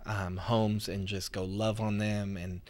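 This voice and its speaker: A man co-hosting a casual talk show, telling stories in a relaxed, easygoing way. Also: fairly low pitch, a little slow. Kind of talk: casual studio chat.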